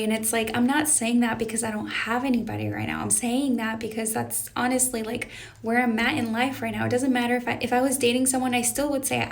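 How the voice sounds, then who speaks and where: A young woman talks casually and earnestly on a live stream, answering viewers' questions as she goes. Her voice sits a little high and has a gravelly, fry-tinged edge. It sounds like a phone or webcam mic in a casual live-stream setup. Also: little pitch movement, brisk. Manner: earnest, reflective, reads viewer questions aloud. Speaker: life coach.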